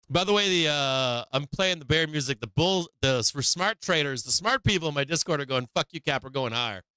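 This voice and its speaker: A man's voice: a little high, animated, normal speed, pushed and bright, smooth, dry recording. An older man from Boston with a Boston accent, hosting a livestream and telling a rambling story in casual chat, laughing often and swearing freely. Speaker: livestream host.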